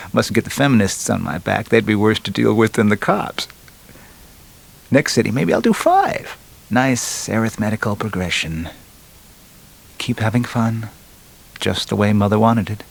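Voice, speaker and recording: A man's voice: lowish voice, creaky, breathy edge, exaggerated voice, rough recording. A man voicing a gleeful, sardonic male serial killer's inner thoughts, full of wisecracks. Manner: mocking, wisecracking inner monologue.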